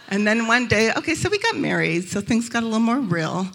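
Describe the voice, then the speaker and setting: A woman from Arizona giving a humorous faith talk to a live audience in a hotel event room. She tells lively stories and acts out the voices of the people in them. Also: on the high side, moderate pace, hardly any pauses, a little hiss or hum. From Arizona, USA. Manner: lively storytelling, acting out quoted voices. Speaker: speaker at a Christian event.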